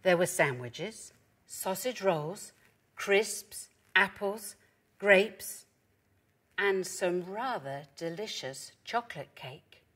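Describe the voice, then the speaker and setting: Slow, expressive woman reading a children's story. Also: medium pitch, breathy edge.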